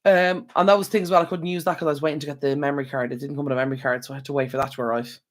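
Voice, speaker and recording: A yawning, worn-out Irish host chats with his viewers on a casual home live stream, rambling and addressing them directly over an external microphone. He talks rapid-fire in a slightly high voice with fairly even intonation.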